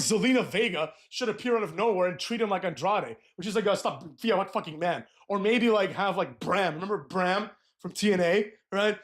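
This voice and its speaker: Guy with a higher voice trashing wrestlers, sweary ranty recap. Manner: crude, mocking, ranting, mimics wrestlers in whiny voices. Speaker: wrestling commentator. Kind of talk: profane wrestling recap rant.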